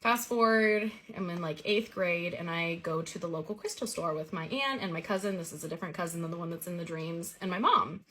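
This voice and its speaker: A woman's voice: on the low side, a little fast, few pauses, slight background noise. A woman earnestly recounting a vivid personal dream story in a casual way. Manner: earnest, vivid retelling with lively quoted dialogue.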